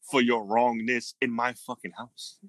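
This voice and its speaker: Bright, laid-back joking man. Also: mid-range voice, flat delivery, unhurried, dry recording. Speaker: podcast co-host. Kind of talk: casual chat among friends.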